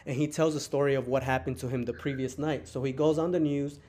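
A man hosts a podcast and retells movie scenes in a loose, rambling way, full of fillers. His voice sits at an ordinary mid pitch. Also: steady tone, fast, dark tone, a little hiss or hum. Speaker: podcast host. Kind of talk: casual chat, retelling film scenes.

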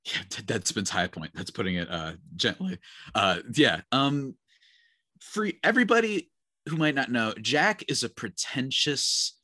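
Here a male podcast co-host chats loosely, rambling and leaning on filler words. His mid-range voice is sing-song, pushed and bright, at a moderate pace, captured in a studio with no room sound.

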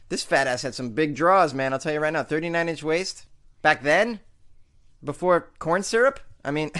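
A man's voice: fairly high pitch, fairly bright tone. A man hosting a comedic news podcast, reading odd stories in a joking, sarcastic way and laughing between lines.

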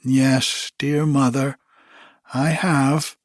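A man's voice: mid-range voice, little pitch movement, very slow, dry recording, studio quality. A man voicing a cunning, cheeky young male thief with a breezy manner.

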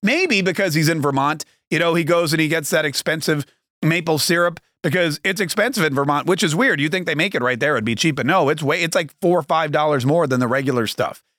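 High-voiced man doing sarcastic commentary. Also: fast, fairly bright tone, no room sound, clean studio sound. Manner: mocking, rambling, self-correcting. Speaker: podcast host.

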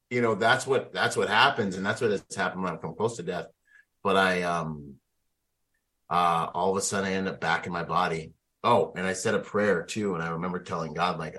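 A man, a military veteran, telling a personal story in a conversational, slangy way with frequent laughter. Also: on the low side. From United States. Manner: animated, slangy, laughs often. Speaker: guest, Marine veteran.

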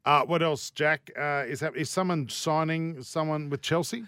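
A man's voice: fairly high pitch, fairly even intonation, moderate pace, sharp tone, smooth, no echo, studio quality. A man hosting a sports radio show, chatting casually and upbeat with his co-hosts. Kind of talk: casual banter.

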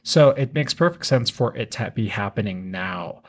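A man's voice: fairly low pitch, animated, moderate pace. A man co-hosting a podcast, casually and wryly retelling scenes from a cartoon series. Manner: wry, analytical, retelling scenes. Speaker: podcast co-host. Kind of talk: casual chat recapping a cartoon.

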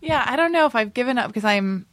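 A woman hosting a podcast, chatting casually and reacting quickly to her guest. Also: on the high side, animated, noisy background. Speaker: podcast host. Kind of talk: casual chat.

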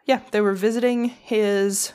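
A woman's voice: medium pitch, unhurried, smooth. A woman co-hosting a podcast, telling a true crime story in casual, profane chat. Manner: profane, animated storyteller with mocking quoted voices.

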